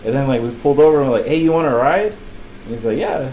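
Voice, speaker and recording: A young podcast host with a mid-range, darkish voice talks fast, spinning a rambling, profane story packed with laughter and "bro." The rough recording carries a little hiss or hum.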